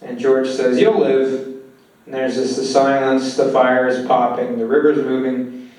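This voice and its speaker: A man's voice: mid-range voice, monotone, normal speed, darkish tone. A man lectures on screenwriting and retells scenes from a script. He talks in a loose, conversational way. The room is very echoey, and he sounds some distance from the microphone. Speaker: film lecturer. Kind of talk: lecture walking through a film script.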